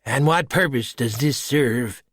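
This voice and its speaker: A man's voice: medium pitch, unhurried, a bit bright, husky, no room sound. A man voicing a blunt, self-pitying witch in an audiobook. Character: blunt, complaining older witch woman. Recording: dry close audiobook recording.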